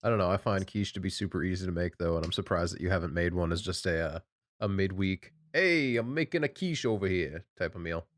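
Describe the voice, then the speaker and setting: A man's voice: low voice, flat delivery, fast talker. A young man co-hosting a casual podcast chat, dry and self-mocking as he tells stories. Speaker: podcast co-host.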